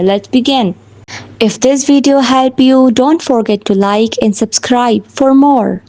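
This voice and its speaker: A woman as an English teacher giving a scripted vocabulary lesson in a measured, even, word-by-word delivery. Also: fairly high pitch, low-quality recording.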